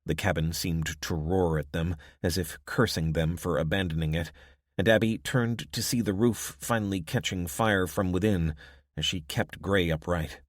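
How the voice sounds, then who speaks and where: A man reads an audiobook in a very low, steady voice. His telling is even and measured. The sound is dry and close with no room around it. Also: no echo. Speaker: audiobook narrator. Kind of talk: scripted narration.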